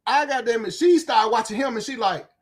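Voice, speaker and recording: A man's voice: extremely high pitch, a little fast, breathy edge. Man ranting animatedly, full of emphasis. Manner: animated, emphatic, repeats "you know what I'm saying". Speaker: reaction channel host. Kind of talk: casual profane rant to viewers.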